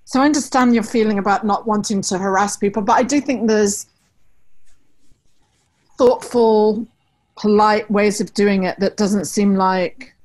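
A woman's voice: mid-range voice, steady tone, unhurried, a little mellow, rough recording. A woman talent manager in casual conversation, frank and chatty, giving blunt advice. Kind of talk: casual video-call conversation.

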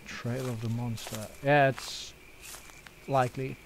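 A man's voice: mid-range voice, animated, slow pace, long pauses, darkish tone, a little hiss or hum. A young man hosting a let's play, joking around, swearing and using lots of fillers. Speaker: gaming channel host.

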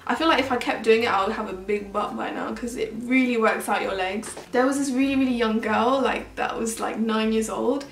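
A woman's voice: a little high, fairly quick, gravelly, few pauses, slight background noise. Young woman vlogger, earnest and talkative, recorded distant from the mic. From Mauritius. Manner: chatty, earnest, heavy use of "like". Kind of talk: candid personal story vlog. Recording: roomy sound, mic at a distance.

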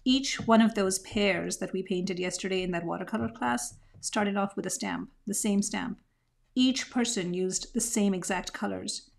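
A woman talks viewers through her mixed media art process in a relaxed tutorial voice. She sounds reflective and often pauses to search for the right words. Her pitch sits in a medium range. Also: gravelly. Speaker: art teacher. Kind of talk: craft tutorial narration.

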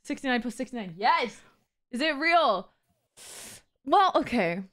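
A woman's voice: sits high, big pitch swings, a little slow, a bit bright. A woman streaming, chatting casually in a crude, giggly, playful way, acting like a teacher. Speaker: streamer co-host. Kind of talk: casual livestream chat.

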